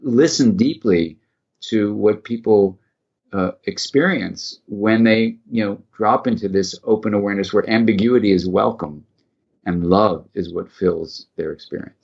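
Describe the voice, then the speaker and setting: A man's voice: on the low side, a little slow, gravelly, darkish tone, slightly rough, muffled recording. A middle-aged man, a psychiatrist guest in an interview, speaking in an earnest, reflective way and acting out quoted dialogue as he tells a story.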